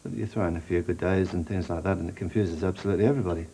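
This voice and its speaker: A man's voice: low voice, fairly even intonation, rapid-fire, gravelly, dark tone, slight background noise. An English man with an English accent, talking emphatically and with good humour in an interview. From England.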